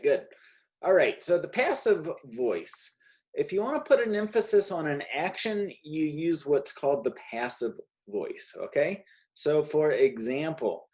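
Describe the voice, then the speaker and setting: A man's voice: fairly high pitch, a little mellow. A man teaching a one-on-one English grammar lesson, patient and often checking in with "okay?".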